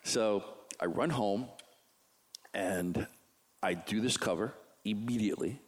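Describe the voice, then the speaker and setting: A man casually telling a story about his own career, animated, often restarting sentences and acting out other people's lines. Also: takes it slowly. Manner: animated, acts out other people's lines with big pitch jumps; frequent restarts and stumbles. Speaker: comic book artist guest.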